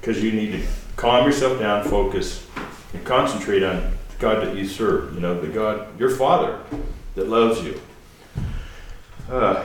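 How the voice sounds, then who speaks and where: Man preaching in an echoey hall. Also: low voice. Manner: conversational, halting, with restarts and asides. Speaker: guest preacher. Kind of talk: informal sermon. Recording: echoey hall from a distance with faint noise.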